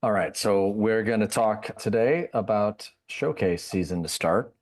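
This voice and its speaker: A man, a league's CEO, explaining things in a relaxed podcast chat with dry humor. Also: lowish voice, measured pace.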